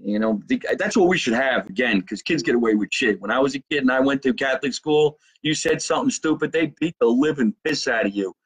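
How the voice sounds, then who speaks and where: Brash, husky-voiced New Jersey comedian. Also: male voice, mid-range voice, lively intonation. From Jersey City, New Jersey. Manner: brash, profane, jokey, slows down to spell out contact details. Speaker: comedian hosting a live stream. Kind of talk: casual live-stream chat reading fan comments.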